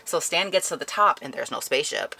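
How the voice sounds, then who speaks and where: A woman's voice: low voice, expressive, a little fast, pushed and bright. A young woman chatting animatedly through a book review, laughing often as she retells the plot. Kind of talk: casual spoken book review.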